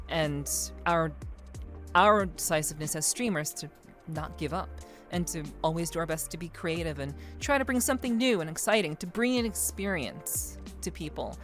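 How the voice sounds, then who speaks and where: A woman's voice: deep voice, moderate pace, fairly bright tone, soft background music. A woman hosting a casual podcast chat, talking in an earnest, reflective way with many restarts. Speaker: podcast host.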